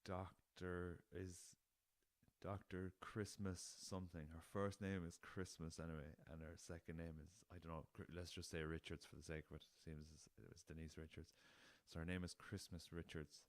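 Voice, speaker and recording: A man's voice: low voice, level tone, normal speed, dry recording. A young Irish man hosting a solo podcast in a casual, rambling way, laughing at his own jokes and swearing freely. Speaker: podcast host.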